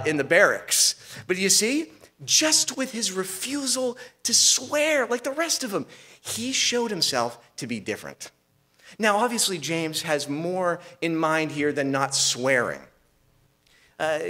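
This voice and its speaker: A man's voice: on the high side, pushed and bright. A man preaching a sermon as pastor, asking rhetorical questions and restarting phrases as he goes.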